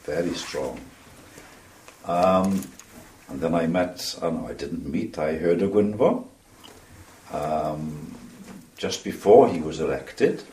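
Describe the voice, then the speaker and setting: Welsh man in his seventies, very low voice, measured with ums, roomy far-off sound. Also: expressive, a little mellow, a little hiss or hum. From Wales. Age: 70s. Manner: measured, with frequent ums and restarts. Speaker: interview guest. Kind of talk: reminiscing interview answers.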